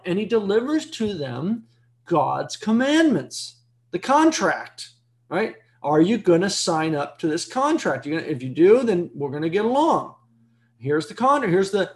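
A Bible teacher giving an evening lecture, emphatic and full of rhetorical questions, repeating key words for stress. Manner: jumps to a high excited pitch when stressing a point.

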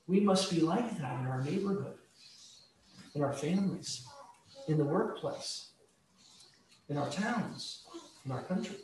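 A man's voice: fairly high pitch, animated, unhurried, long pauses, a little mellow. A man preaching a conversational sermon, teaching with everyday examples and acted-out scenes. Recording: echoey room, distant mic, faint noise.

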